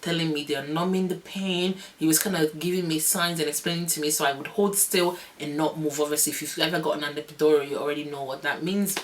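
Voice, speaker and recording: Young woman rambling through a story on her vlog, lots of laughs, very animated. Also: low voice, fast, hardly any pauses, slight background noise. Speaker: vlogger, new mother. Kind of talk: casual storytelling.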